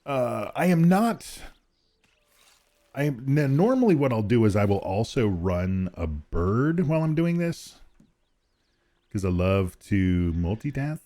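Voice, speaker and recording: A man with a fairly low voice talks his way through a farming game on a live stream. He rambles, laughs easily and keeps restarting his thoughts as he chats to the people watching. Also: sing-song, measured pace, warm tone. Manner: rambling, chatty, laughs often, many restarts. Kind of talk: casual live-stream chat while gaming.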